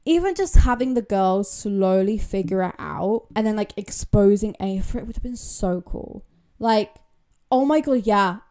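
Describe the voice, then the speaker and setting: British woman, young adult, smooth clear voice, chatty and emphatic, casual commentary. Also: medium pitch, animated, a little slow, a little mellow. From Britain. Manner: chatty, emphatic, repeats words for stress. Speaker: YouTuber.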